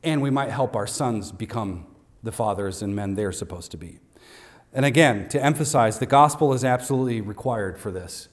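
A man's voice: fairly low pitch, moderate pace. Emphatic male pastor preaching a sermon. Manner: emphatic, repeats key points for note takers; light humor aimed at the congregation. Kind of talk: Father's Day sermon. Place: church sanctuary.

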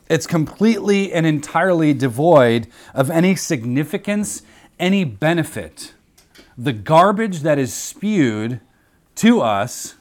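A man's voice: a little high, sing-song, a little slow, a little mellow. A man preaching a sermon, earnest and emphatic, repeating key phrases for weight.

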